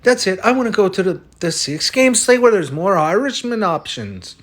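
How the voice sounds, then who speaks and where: Playing an obstinate braggart convinced he's Irish, a man talks bluntly and swears without restraint in a comic sketch laid over a fantasy lineup. His voice is high, exaggerated and excitable, swinging in big leaps, loud but at normal speed.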